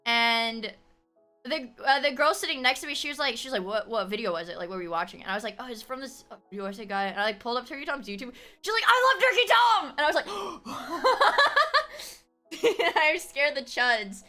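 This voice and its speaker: A woman streamer chatting casually with her viewers, laughing often and breaking into sudden shouts. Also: fairly high pitch, fast talker, soft background music. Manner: animated, laughing, bursts into shouting. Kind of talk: casual chat.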